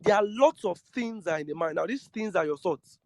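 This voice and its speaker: Speaking briskly in a high-pitched, animated, somewhat mellow voice, a man teaches trading students about trading psychology. His lecture is earnest, full of repetition and questions aimed at the listeners, with no echo on the recording.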